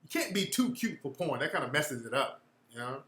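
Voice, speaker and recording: A man's voice: on the high side, sing-song, a little fast, sharp tone, echoey room. A man hosting a casual livestream chat, answering viewers in a blunt, slangy, profane way.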